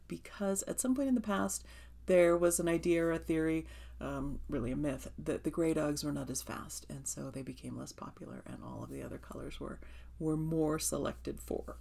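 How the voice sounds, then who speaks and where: A woman's voice: deep voice, lively intonation, moderate pace, gravelly, dark tone. A woman hosting her own cross-stitch vlog, chatting eagerly from her notes. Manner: eager, gushing, reading from notes. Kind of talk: casual chat from notes.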